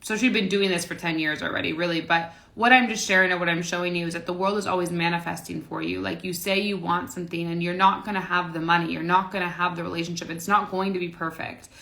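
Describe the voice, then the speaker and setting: A woman's voice: fairly low pitch, steady tone, quick pace, creaky, hardly any pauses, pushed and bright. A woman in her late twenties, a manifestation coach, talking casually to camera in a rambling way, repeating phrases and filling with "like". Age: late 20s. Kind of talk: casual motivational talk to camera.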